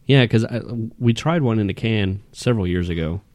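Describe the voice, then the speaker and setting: Low-voiced man hosting a chat. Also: expressive, fairly quick, darkish tone, no echo. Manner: chatty, laughs often. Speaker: podcast host. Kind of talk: casual beer-tasting chat.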